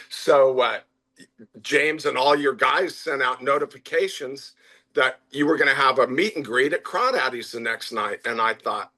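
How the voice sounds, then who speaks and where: A middle-aged man with a bright, forward voice who tells animated stories as a guest. He acts out other people's lines and pads his sentences with fillers. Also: medium pitch, moderate pace. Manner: animated anecdotes with acted-out quotes and frequent fillers. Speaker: guest, restaurant owner. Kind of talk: conversational interview storytelling.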